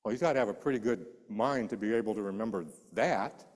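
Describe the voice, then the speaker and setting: A man's voice: lowish voice, fast. Man preaching in a reverberant hall. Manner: animated storytelling, acting out quoted voices. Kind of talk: sermon storytelling.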